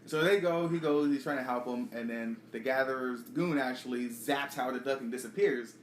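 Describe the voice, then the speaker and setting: A man racing through a casual, profane podcast recap of a comic book. His voice sits at an ordinary pitch. The room around him is echoey, with a faint hiss beneath. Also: a little fast.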